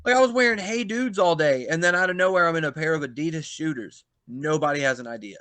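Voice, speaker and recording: Guy telling a wild backstage story, bright punchy voice, swears a lot, dry close mic. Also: fairly high pitch, fast, no room sound. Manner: animated, swearing, acts out quotes in loud bursts. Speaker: pro wrestler, podcast guest. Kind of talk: casual storytelling chat.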